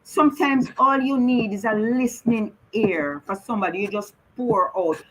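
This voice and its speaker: A woman's voice: a little high, moderate pace, a little hiss or hum, rough recording. A middle-aged woman speaking on the radio as a bereaved mother, earnestly and repetitively urging listeners. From Jamaica. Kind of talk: emotional radio talk.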